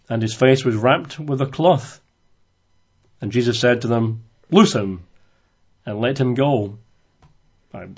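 On a lo-fi recording, a Bible teacher with a medium-pitched voice leads an informal study. He reads verses aloud, then discusses them in a relaxed, conversational way.

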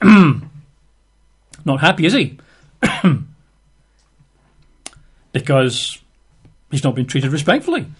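A man's voice: on the high side, very animated, very slow, pauses often, husky. A man preaching a sermon, reading and retelling a Bible story with chuckles and chatty asides.

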